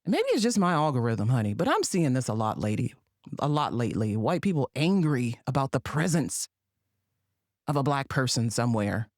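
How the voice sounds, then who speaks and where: A woman's voice: a bass voice, very animated, normal speed, a little mellow, no echo, clean studio sound. A woman hosting a commentary monologue, sassy and sarcastic in her delivery. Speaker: podcast host.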